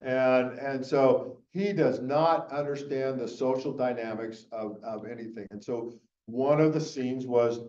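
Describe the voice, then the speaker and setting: A man's voice: medium pitch, fairly even intonation, a little slow, a little mellow. Rambling middle-aged man giving a keynote. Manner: rambling, conversational, with many fillers and restarts. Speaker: keynote speaker. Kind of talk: conference talk. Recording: echoey, muffled room recording from a distance.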